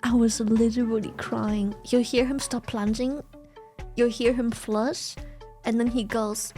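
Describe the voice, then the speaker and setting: A woman's voice: on the high side, level tone, a little slow, mellow, soft background music. A young woman streamer telling a story casually to her chat, swearing freely and often breaking into giggles.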